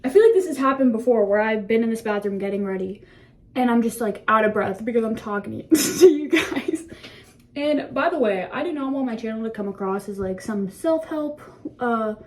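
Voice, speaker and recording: A woman's voice: on the high side, expressive, normal speed, darkish tone. A seventeen-year-old woman chatting casually to her phone camera in a bathroom, rambling, laughing often and swearing freely as she reflects. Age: teens. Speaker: vlogger.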